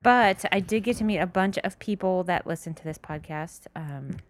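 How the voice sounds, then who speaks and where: A woman's voice: lowish voice, normal speed. A young woman co-hosting a podcast, chatting casually and laughing easily. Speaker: podcast co-host. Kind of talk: casual chat.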